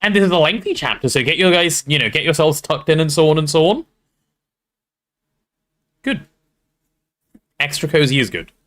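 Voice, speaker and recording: A man reading a storybook aloud to a livestream audience in an expressive, relaxed storytelling manner. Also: on the high side, moderate pace, long pauses. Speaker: streamer reading aloud to chat.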